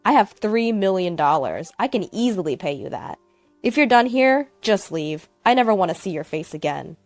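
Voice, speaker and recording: An arrogant ex-husband turned desperate, voiced with a lively swing of pitch and a dry, close sound by a woman narrator. He begs loudly, his voice climbing high. It is a storytelling reading over faint music. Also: normal speed, dry recording, lightly acted. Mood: contemptuous.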